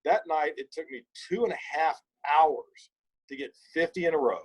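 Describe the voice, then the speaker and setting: A man, a podcast guest, telling an emphatic, animated story in casual conversation. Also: fairly high pitch, moderate pace, breathy edge, lo-fi sound.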